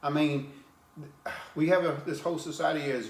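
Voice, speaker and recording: A man's voice: fairly high pitch, fairly even intonation, normal speed. Earnest plain-spoken preacher man, echoey room. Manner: plain-spoken, repeats and restarts words, earnest. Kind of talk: informal sermon with scripture reading.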